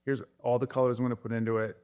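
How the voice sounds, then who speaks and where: A man's voice: mid-range voice, very fast, clean tone. Man, tattoo artist guest, casual chat, swears, laughs a lot. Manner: animated storyteller, swears, laughs often.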